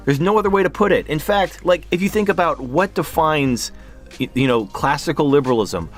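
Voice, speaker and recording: A man giving a blunt, sarcastic political monologue, cursing at times. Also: medium pitch. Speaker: political commentator. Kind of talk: opinion monologue vlog.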